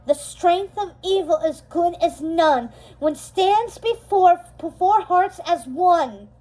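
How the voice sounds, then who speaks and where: A woman's voice: high-pitched, animated, a little slow, mellow. A woman reading a storybook aloud, voicing a defiant, tearful teenage girl who speaks earnestly and rises to cries. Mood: incanting. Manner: earnest, pleading, rising to cries.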